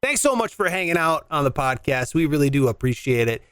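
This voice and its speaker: A man's voice: on the high side, big pitch swings, a little fast, fairly bright tone, smooth, no room sound, studio quality. A young man hosting a casual comedy podcast, loose and joking, swearing and laughing as he talks. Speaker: podcast host.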